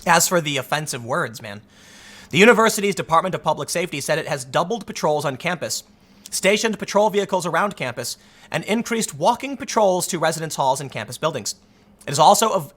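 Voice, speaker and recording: Male commentator, thirties, mocking and animated, slightly high and bright. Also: normal speed. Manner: sarcastic, mocking, animated storytelling. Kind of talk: casual commentary.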